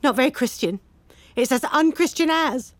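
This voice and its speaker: A touchy shop worker. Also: female voice, sits high, animated, moderate pace, no room sound. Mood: indignant.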